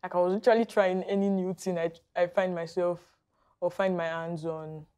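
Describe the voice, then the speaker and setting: A woman speaking frankly about a rough year. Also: on the low side, level tone, normal speed, dark tone, highs cut off. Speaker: interviewee. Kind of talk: personal testimony.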